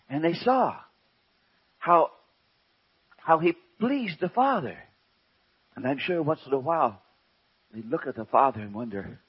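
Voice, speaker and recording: A man preaches a sermon in a slow, emphatic way and often sinks to a hush. His voice is a little husky and his pitch rises and falls freely. The recording sounds dull and lo-fi. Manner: slow and emphatic, drops to a hush, asks rhetorical questions.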